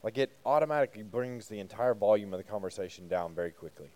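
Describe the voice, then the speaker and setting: Mellow-voiced man teaching a youth group. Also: on the low side, lively intonation, fast talker. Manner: conversational, asks the group questions, joking asides. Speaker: youth pastor. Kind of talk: casual youth sermon.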